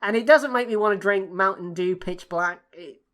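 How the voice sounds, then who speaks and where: A woman from the UK co-hosting a wrestling podcast, ranting in casual chat with lots of swearing and exasperation. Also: moderate pace. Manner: sweary, exasperated, swinging pitch. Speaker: podcast co-host.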